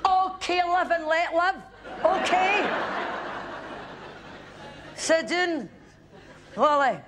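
A woman's voice: very high-pitched, animated, extremely slow, a loud crowd, very noisy, voice pushed up, full character voice. A woman putting on a drunk, brash heckler from the audience, bickering and slurring. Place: large theatre stage. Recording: live theatre, audience laughter, band music.

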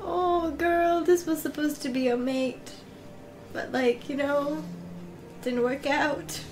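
Chatty high-voiced woman reacting to a movie. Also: fairly even intonation, takes it slowly, a little mellow, faint music behind. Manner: chatty, emotional, laughs often. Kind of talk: casual reaction commentary.

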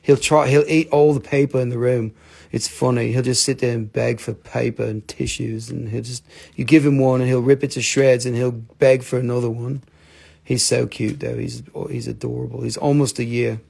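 A man hosts a live mineral sale, chatting in a folksy, rambling way and making fun of himself. His voice has a gravelly edge at an ordinary middle pitch. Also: little pitch movement, moderate pace, darkish tone. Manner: folksy, rambling, self-joking. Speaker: host of a live mineral sales show. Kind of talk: casual live selling chat.

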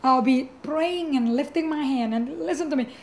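A middle-aged woman, a pastor telling her personal testimony in an animated way with frequent restarts. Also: high-pitched, normal speed. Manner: animated, acts out quoted voices, frequent restarts.

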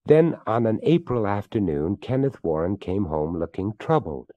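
A man narrating a ghost story in a theatrical reading, slowing and hushing for suspense. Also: fairly low pitch, big pitch swings, dry recording.

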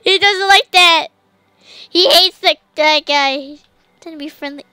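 A woman giving casual let's-play commentary, talking to herself and to the creatures on screen, and yelling commands at the game when things heat up. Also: extremely high pitch, measured pace, no room sound. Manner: excitable, yells commands at the game. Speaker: gamer streamer.

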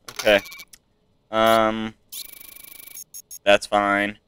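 A man's voice: lowish voice, fairly even intonation, takes it slowly, pauses often, fairly bright tone, a little hiss or hum. A man giving casual gameplay commentary, thinking aloud as he checks items off to himself. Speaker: game player.

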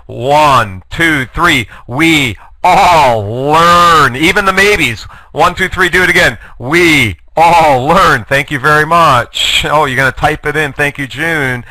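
A man leads a live online lecture with a bright, forward tone. The sound is dry and close, with no room around it. He jokes at his own expense and keeps rallying his listeners to join in. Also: medium pitch, no echo, low-quality recording. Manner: jokey, self-deprecating, rallies the audience. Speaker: guest lecturer. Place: online webinar.

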